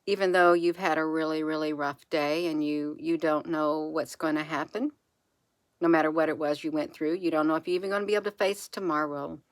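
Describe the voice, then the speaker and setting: A woman speaking softly and reassuringly to her viewers, repeating phrases slowly in an encouraging spiritual monologue. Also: low-pitched, steady tone, no room sound. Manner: soft, repetitive, reassuring, with slow drawn-out phrases. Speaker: channel host.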